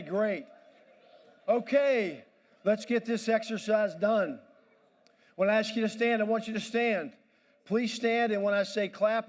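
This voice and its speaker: A man giving a motivational speech at a banquet, commanding and pumping up the audience. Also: sits high. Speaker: motivational speaker. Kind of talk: energetic crowd-directed speech. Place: banquet hall.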